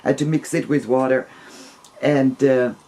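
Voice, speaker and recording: Man telling a story at an even pitch. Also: moderate pace. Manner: rambling and gentle, with soft laughs between phrases. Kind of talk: casual spoken personal story.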